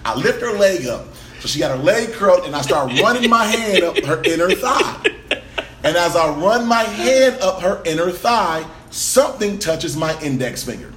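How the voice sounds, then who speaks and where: A man on a podcast, telling a story in an animated, profane way and laughing as he goes. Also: high voice, moderate pace, roomy sound, a little hiss or hum. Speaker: podcast guest. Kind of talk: storytelling, casual chat.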